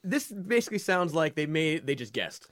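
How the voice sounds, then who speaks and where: A man with a fairly high, lively voice trades wry quips in a loose chat. His delivery swings up and down as he jokes, recorded dry and close. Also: no room sound. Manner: wry, laughing, quick quips. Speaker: podcast co-host. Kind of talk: casual chat.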